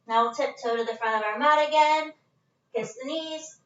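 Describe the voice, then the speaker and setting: A woman's voice: high voice, moderate pace, roomy sound, far from the mic, highs cut off. Breathless woman leading yoga at home. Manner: casual, chatty, breaks into laughs. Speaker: yoga instructor. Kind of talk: live-streamed yoga class instruction. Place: her living room at home. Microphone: phone set at a distance.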